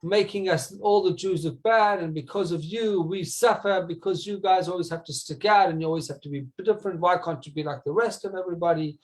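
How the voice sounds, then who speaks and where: A man voicing an indignant woman passenger who scolds and then gushes, raising his voice into a shrill, exasperated tone. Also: brisk, few pauses, close to an everyday voice. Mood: scolding.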